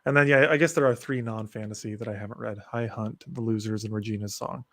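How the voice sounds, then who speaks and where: A man's voice: fairly low pitch, steady tone, fast, a bit bright. A man hosting a podcast, talking loosely and eagerly in casual chat about fantasy books and shows. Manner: enthusiastic, lists book titles, loose and rambling. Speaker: podcast host.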